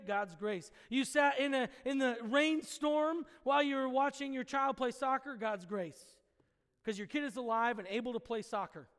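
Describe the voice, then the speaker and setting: A man with a very high voice preaches to his congregation, chatty and informal, then breaks into sudden loud exclamations. His voice rings through a church hall with a long echo. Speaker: pastor. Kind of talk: sermon.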